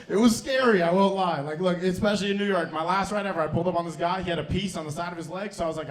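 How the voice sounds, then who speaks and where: A man's voice: high voice, quick pace. A young man hosting a comedy club night and doing a loose, profane stand-up set, often laughing at his own lines.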